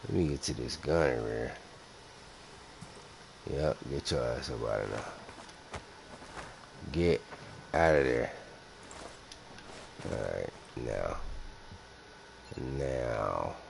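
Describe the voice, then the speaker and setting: A man's voice: a bass voice, animated, drawn-out words, vocal fry, long pauses, a little hiss or hum. A man in his thirties giving profane, teasing live commentary while playing a game for his stream chat. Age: 30s. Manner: profane, teasing, trash-talking. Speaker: gaming streamer. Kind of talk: casual gameplay commentary to chat.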